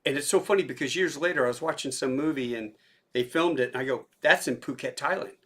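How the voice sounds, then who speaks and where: A man hosting a podcast, telling a casual anecdote with many fillers and pauses. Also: medium pitch, a bit bright. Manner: rambling anecdotes with hesitant fillers. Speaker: podcast host. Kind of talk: casual chat.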